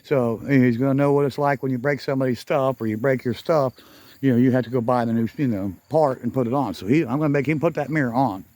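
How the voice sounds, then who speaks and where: A man's voice: medium pitch, quick pace, darkish tone, dry recording. A middle-aged man chatting casually in a garage vlog outdoors, rambling and correcting himself with frequent chuckles. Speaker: garage channel vlogger.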